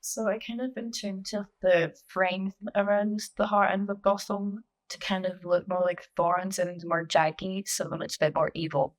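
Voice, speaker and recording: A woman's voice: medium pitch, steady tone, moderate pace, hardly any pauses, low-quality recording. A woman, an artist, explaining her work step by step in a documentary interview.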